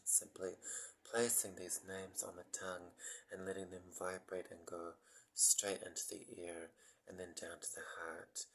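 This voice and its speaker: A man giving a gentle spiritual talk on mantra meditation, soft-spoken and apologetic, pausing often with ums. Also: low-pitched, vocal fry, rough recording. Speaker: meditation teacher.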